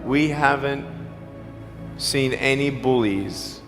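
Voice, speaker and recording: Male motivational speaker, emphatic, hushed to shouting, live in a school hall with faint music behind. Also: mid-range voice, slow pace. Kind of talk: motivational speech to a live audience. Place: large school hall with an audience.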